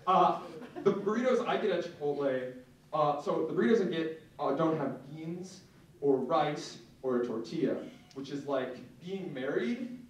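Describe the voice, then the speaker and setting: Young male stand-up, higher voice, self-mocking deadpan, recorded from across a reverberant room. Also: unhurried. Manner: self-mocking, deadpan asides with many "like" fillers. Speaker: stand-up comedian. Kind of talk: stand-up comedy set. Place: comedy club stage. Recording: echoey room from far off, faint noise.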